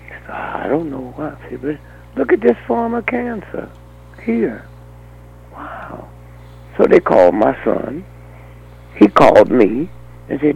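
An older man telling a long anecdotal story in an animated way, often breaking off with a rhetorical "huh?". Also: a little high, unhurried, gravelly, long pauses, breathy edge, low-quality recording. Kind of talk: anecdotal monologue.

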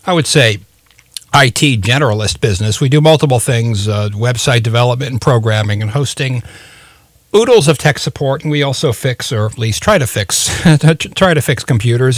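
A man's voice: medium pitch, no echo. A man hosting a casual radio talk show, chatty and folksy, laughing often.

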